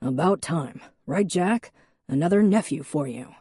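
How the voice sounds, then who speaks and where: A woman's voice: sits low, expressive, measured pace, mellow, breathy edge, no echo, studio quality, full character voice. A woman voicing a mild, contented older father in an audiobook.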